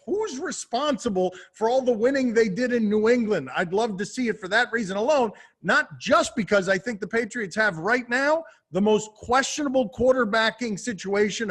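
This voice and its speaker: Dry, teasing man with high voice. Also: animated, normal speed, few pauses, fairly bright tone, husky. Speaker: sports show host. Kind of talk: casual sports talk.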